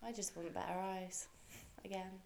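A young woman co-hosting a podcast, easygoing and quick to react in a casual chat. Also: medium pitch, level tone, gravelly, a little mellow, slight background noise. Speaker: podcast co-host. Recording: echoey room.

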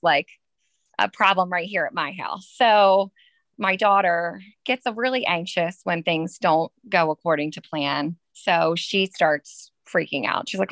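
A woman in her thirties with a bright voice and dry, close sound, telling her story as an interview guest. She chats loosely, with plenty of "um" and "like". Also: on the low side, moderate pace, no room sound. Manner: chatty, many fillers, laughs while telling. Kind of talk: casual storytelling.

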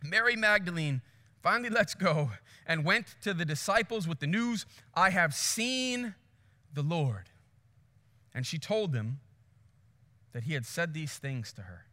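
High, bright-voiced animated preacher. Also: male voice, measured pace, pauses often, big-room sound. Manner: animated storytelling, swings from hushed to loud. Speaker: pastor. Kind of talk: sermon.

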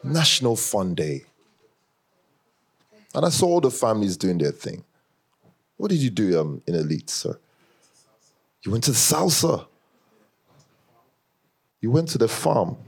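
A man's voice: fairly low pitch, unhurried, creaky, long pauses, breathy edge. A man with an African accent leading a church leadership class, talking casually and teasing the congregation with lots of laughter. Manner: animated, teasing, often laughing, chats with the audience. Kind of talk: casual joking talk to a congregation.

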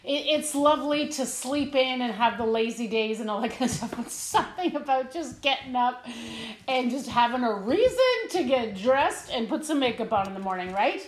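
A woman's voice: a little high, animated, normal speed, roomy sound. A middle-aged woman hosting a casual devotional live stream from home, chatty and laughing, with many fillers. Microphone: camera at home, seated.

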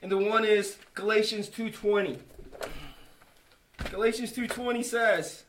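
Speaking before a church group, a man shares an emotional personal testimony in a high, fairly bright voice with a steady tone and an unhurried pace. He is earnest and keeps restarting, quoting what he and others said as the story unfolds. There is slight background noise.

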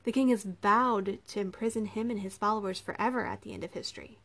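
A woman narrator voices a soft-spoken, persuasive prince who coaxes instead of commanding. In this storybook audiobook reading, she speaks gently and patiently at a plain middle pitch, though quickly. The mood is calm and persuasive.

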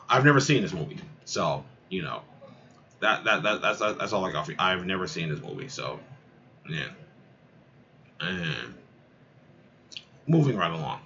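A man's voice: sits low, very animated, brisk, long pauses, sharp tone, highs cut off, slight background noise. A man hosting a casual video, reading movie opinions aloud and reacting in a rambling way, full of fillers and repeated words.

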